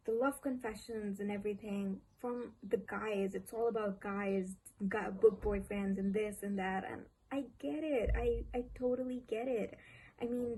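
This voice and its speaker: Speaking with warmth at a medium pitch, this young book vlogger from Pakistan talks about books in a casual, gushing way, repeating things for emphasis in her Pakistani English accent. The audio quality is poor. Faint street noise drifts into her home, including a vendor's calls.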